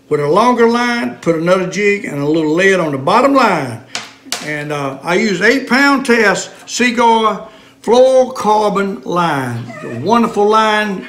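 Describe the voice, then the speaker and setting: An older man with a drawl, hosting a casual fishing vlog outdoors. His voice sits unusually high for a man, and he talks in a folksy, chatty way. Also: a bit bright. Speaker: fishing vlogger. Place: outdoors at a lake.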